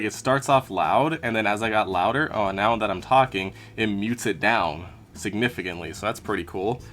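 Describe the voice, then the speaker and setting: A man's voice: lowish voice, fairly bright tone. A man giving a casual unboxing and review, talking through each step as he handles the product.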